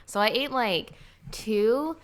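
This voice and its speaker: A young woman casually telling a funny personal story on a podcast, animated and quoting herself. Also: a little high, slow. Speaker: podcast guest, sister of co-host.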